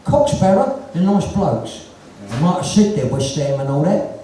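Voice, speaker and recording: A man's voice: on the high side, sing-song, a little slow, mellow, slight background noise. A man with a London accent telling earthy, swear-filled stories on stage, acting out the dialogue himself. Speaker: punk musician guest. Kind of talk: live on-stage storytelling chat. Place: live music venue with audience. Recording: echoey venue from far off.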